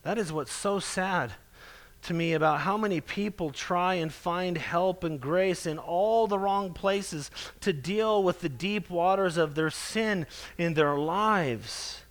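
A man with a high voice delivers a sermon earnestly and emphatically. He presses his points and slows down to lean on the scripture he quotes. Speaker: preacher.

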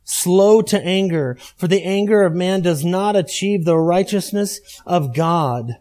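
Middle-aged man, pastor, high-pitched voice, emphatic sermon delivery with repeated phrases. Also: unhurried, a little mellow. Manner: emphatic, repetitive preaching cadence.

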